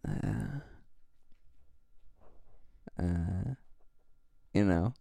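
A man's voice: low-pitched, huge pitch swings, very slow, vocal fry, mellow, dry recording. A man chatting casually about a movie with friends, cracking playful teasing jokes. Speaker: co-host of a movie review chat.

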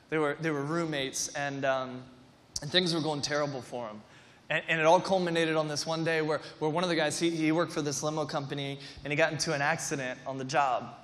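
High-voiced male pastor in a big hall. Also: brisk. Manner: energetic, rambling with restarts and playful asides. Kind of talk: sermon. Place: large church hall before a congregation. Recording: long reverb of a large hall.

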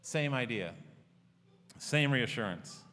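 A man preaching a sermon as a pastor, earnest and often dropping to a hushed, tender tone. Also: medium pitch, animated, slow pace. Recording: long reverb of a large hall.

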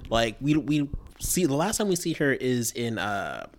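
A woman's voice: rumbling low, unhurried, slight background noise. A woman co-hosting a casual chat about a TV show, talking in a chatty way with many fillers and restarts. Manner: chatty, lively, hesitant with fillers.

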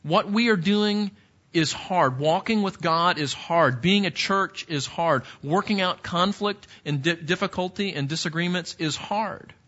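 A man's voice: high voice, a little slow, fairly bright tone, dull audio. A man preaching a sermon in an earnest, conversational way, often restarting his sentences. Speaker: pastor.

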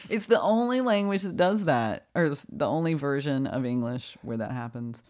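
A woman's voice: low-pitched, lively intonation, normal speed, darkish tone. A middle-aged woman hosting a podcast in casual chat, playful and laughing as she explains. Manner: chatty, laughing, playful imitations. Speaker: podcast host.

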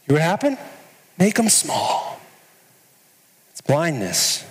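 A man's voice: a little high, wildly swooping pitch, takes it slowly, pauses often, husky, in a large hall, poor audio. A man preaching a sermon as pastor, earnest and putting direct questions to his listeners.

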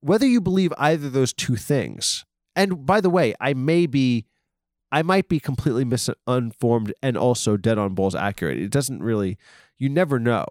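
A man rambling through a comedic monologue, swearing and breaking off his own sentences. His pitch jumps around constantly, from low mutters to high squeaks. The recording is dry and close, with no room sound. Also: lively intonation, normal speed, dry recording. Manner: rambling, self-interrupting, swearing, mock-aggressive. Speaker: comedic podcast host.

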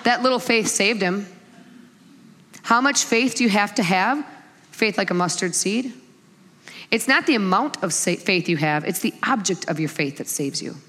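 A woman's voice: mid-range voice, moderate pace. Woman preaching in a reverberant hall. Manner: animated storytelling with acted-out quotes. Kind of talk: sermon.

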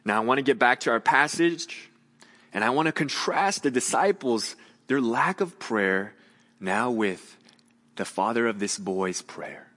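A man preaching a sermon as a pastor, earnest, moving between raised emphasis and hushed, gentle appeals. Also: mid-range voice, animated, unhurried, in a large hall.

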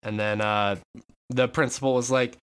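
A young man chatting casually on a podcast, telling stories in a lively way with frequent swearing and laughter. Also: mid-range voice, normal speed, clear, resonant tone. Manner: animated storyteller, swearing, laughing often. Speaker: podcast co-host. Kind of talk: casual chat.

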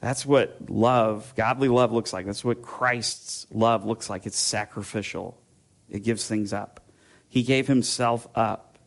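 A man's voice: on the low side, fairly even intonation, slow. A man pastor giving a conversational sermon, rambling through personal stories with fillers and restarts before turning to scripture. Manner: casual, rambling storytelling with fillers and self-interruptions.

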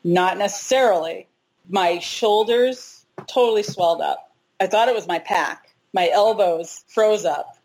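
A woman's voice: mid-range voice, a little slow, darkish tone, poor audio. A woman in her forties, a hiker, telling a personal story in a candid, chatty way with self-deprecating humor. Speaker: interview guest, hiker.

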